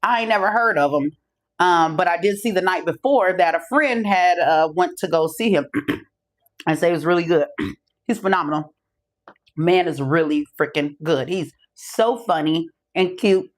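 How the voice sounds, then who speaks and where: Animated, profane middle-aged woman storyteller. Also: lowish voice, normal speed. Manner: animated, profane, acts out the other voices in her stories. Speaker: podcast host. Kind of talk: casual storytelling monologue.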